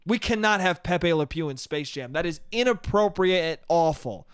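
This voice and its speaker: A man's voice: fairly high pitch, expressive, moderate pace, a bit bright, clear, resonant tone, dry recording, studio quality. A man hosting his own podcast, talking alone in a rambling, profane way and calling everyone "dude". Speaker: podcast host. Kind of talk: casual solo podcast monologue. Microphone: studio podcast mic.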